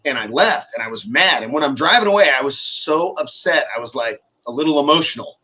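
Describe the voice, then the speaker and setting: A man's voice: mid-range voice, lively intonation, fairly quick, pushed and bright, husky. A man in his forties telling a long workshop story in casual, profane chat, acting out the people he quotes.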